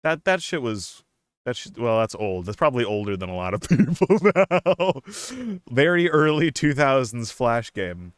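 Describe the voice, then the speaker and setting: A man's voice: mid-range voice, big pitch swings, moderate pace, clean tone, dry recording, clean studio sound. A young man chatting casually on a live stream, playful and laughing often, slipping into a silly put-on accent.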